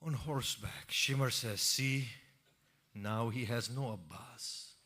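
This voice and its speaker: Slow, bright-voiced man preaching a lament. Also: medium pitch. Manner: dramatic storytelling, rising to impassioned cries. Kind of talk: emotional sermon narration.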